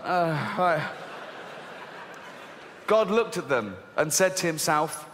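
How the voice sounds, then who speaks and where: A man's voice: high voice, normal speed, pauses often, crowd noise, background noise. A man with an English accent doing a live stand-up routine in a mocking, sweary way, often laughing through his own lines. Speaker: stand-up comedian. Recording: big theatre echo with audience.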